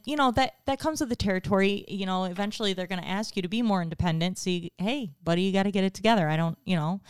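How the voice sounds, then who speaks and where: A woman's voice: on the low side, smooth, no echo, clean studio sound. A woman in her thirties chatting casually, telling a story and acting out quotes. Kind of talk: casual chat.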